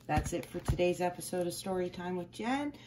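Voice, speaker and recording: A woman reading a children's picture book aloud, with expressive, playful emphasis on the story's sound words. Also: on the low side, a little fast, a little hiss or hum.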